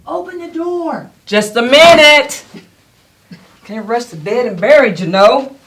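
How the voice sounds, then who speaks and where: A woman's voice: fairly high pitch, expressive, unhurried. An actress playing a fussy, eccentric woman who speaks in a flustered, stammering way. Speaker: actor in a scene. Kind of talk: stage period comedy scene. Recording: background noise in a training studio.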